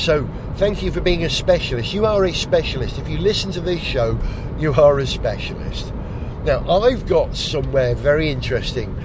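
Chatty Welsh man driving, London-tinged. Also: a little high. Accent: Welsh accent mixed with London. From Wales. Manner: chatty, enthusiastic, wanders off topic. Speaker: podcast host. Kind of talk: casual talk while driving. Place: in a car. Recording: noisy in-car recording. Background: car and street noise.

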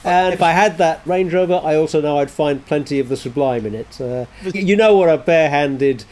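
A man co-hosting a casual podcast discussion, giving measured, hedging opinions. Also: fairly high pitch, a little mellow. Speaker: co-host.

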